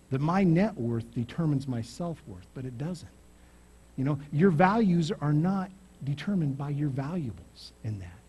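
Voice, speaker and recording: A male pastor preaching a sermon, telling stories with loud, emphatic rises. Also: fairly high pitch, husky.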